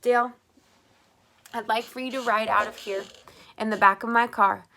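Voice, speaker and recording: A woman reading a calm, probing male sheriff. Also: fairly high pitch, normal speed, slight background noise. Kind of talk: audiobook character reading.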